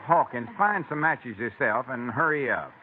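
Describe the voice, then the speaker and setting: Man as a pompous fake nobleman with a twang, animated delivery, 1940s radio comedy, lo-fi broadcast. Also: medium pitch, normal speed, lightly acted. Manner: pompous put-on airs with folksy slips. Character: country man pretending to be an earl. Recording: old radio broadcast, lo-fi and noisy.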